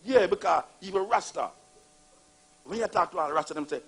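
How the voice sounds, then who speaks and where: A man's voice: sits high, a little fast, creaky, breathy edge. A man with a Jamaican accent giving an emphatic, mocking storytelling monologue about religion. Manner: emphatic, animated, mocking retellings. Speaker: speaker on religion.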